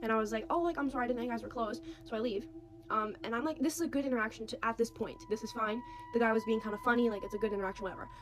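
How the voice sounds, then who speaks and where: A young woman with a slightly high voice tells a story in a loose, chatty way. She fills her talk with "like" and acts out the lines of the people in it. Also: rapid-fire. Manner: animated, quotes others' voices, many "like"s. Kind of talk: casual storytime.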